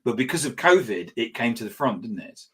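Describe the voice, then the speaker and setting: A man hosting an interview, introducing his guest in a halting way with repeated words and restarts. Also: medium pitch, sing-song, fairly bright tone, slightly rough. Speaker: host. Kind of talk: casual interview chat.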